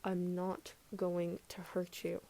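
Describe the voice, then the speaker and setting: A woman voicing a gruff, anxious young man who is a tipsy boyfriend, talking low and mumbling in a podfic reading. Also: monotone, slow pace, dark tone.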